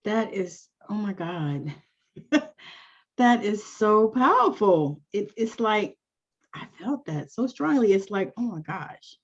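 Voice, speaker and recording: A woman hosts an interview and answers her guest with eager, affirming exclamations. Her voice is husky and mid-pitched. The recording is muffled and lo-fi. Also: big pitch swings, slow pace. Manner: warmly affirming, exclamatory reactions. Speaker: podcast host. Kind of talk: casual interview. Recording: dull lo-fi sound.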